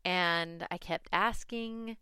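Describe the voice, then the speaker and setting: Slow, clear-voiced woman telling a story. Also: fairly low pitch, no room sound, clean studio sound. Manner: chatty, laughs often, animated when recalling panic. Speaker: mother telling a family story. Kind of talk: casual personal storytelling.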